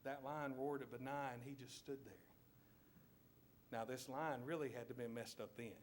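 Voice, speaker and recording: A man's voice: mid-range voice, steady tone, normal speed, a little hiss or hum. A man with a Southern US accent preaching a sermon in church, telling a story vividly and asking his listeners to picture each scene.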